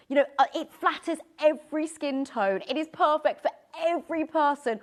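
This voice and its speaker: A woman presenting on a live shopping channel, gushing and excitable, chatting with many restarts. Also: high voice, moderate pace, few pauses, faint music behind. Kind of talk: live TV sales pitch.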